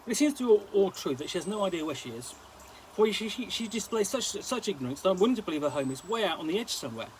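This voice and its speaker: Lively, high-pitched man reading a story. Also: quick pace, a little hiss or hum, rough recording. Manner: lively storytelling, now and then stumbling over words. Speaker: reader. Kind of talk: story reading in a present-tense gangster-slang voice.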